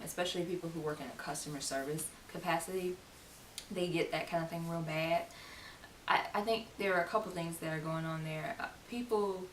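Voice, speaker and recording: A young woman vlogging in a casual, chatty way, with laughing asides and quoted lines acted out. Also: fairly low pitch. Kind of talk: casual talk to camera. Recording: roomy echo, distant mic, faint hiss.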